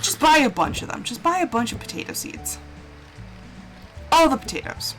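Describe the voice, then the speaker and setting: A woman's voice: sits high, very animated, moderate pace, fairly bright tone. A young woman chatting casually while she streams a game live, gushing and emotional, laughing often and exclaiming a lot. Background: game music.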